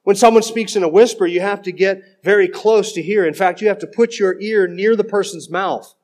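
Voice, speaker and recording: Emphatic high-voiced male preacher. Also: a little fast, a little mellow. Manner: emphatic, critical preaching, reading quotes aloud. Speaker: pastor. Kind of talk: sermon.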